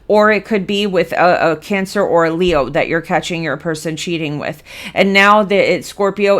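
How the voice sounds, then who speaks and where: A woman giving a blunt, emphatic tarot reading, cursing freely as she speaks to her viewers. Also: mid-range voice. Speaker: tarot reader.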